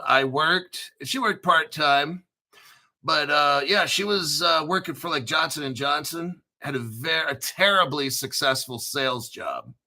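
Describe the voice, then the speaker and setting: Foul-mouthed ranting crypto host, bright voice. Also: male voice, on the high side. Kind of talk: profane livestream rant.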